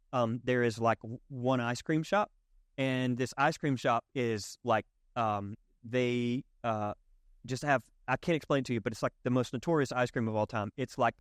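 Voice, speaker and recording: A man's voice: dry recording, clean studio sound. A middle-aged man preaching in a casual, storytelling way, acting out quoted voices and talking straight to his audience with many fillers and asides. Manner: animated, acts out quoted voices with jumps in pitch. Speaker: pastor. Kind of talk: conversational sermon storytelling.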